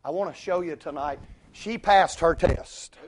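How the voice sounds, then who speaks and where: A male preacher, delivering a sermon that swings from low asides to shouted climaxes. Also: a little slow.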